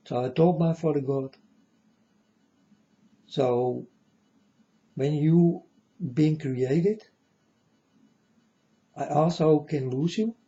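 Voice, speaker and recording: A man in a rambling monologue to his viewers, earnest and repetitive, with halting non-native phrasing. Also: on the high side, mellow, highs cut off. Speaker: vlogger addressing viewers.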